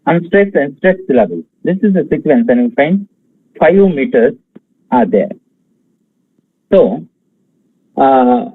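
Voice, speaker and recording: A man from India giving an online exam-prep lecture, talking slowly with many fillers and pausing to count out syllables and stresses. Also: mid-range voice, breathy edge, no echo, narrow, tinny audio. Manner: slow, halting delivery with many fillers, counting out feet and stresses.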